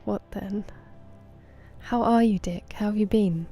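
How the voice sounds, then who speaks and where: A woman, casually chatting with viewers on a game stream, thanking them by name and sometimes dropping to soft murmurs. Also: medium pitch, measured pace, husky, soft background music. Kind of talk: casual livestream chat.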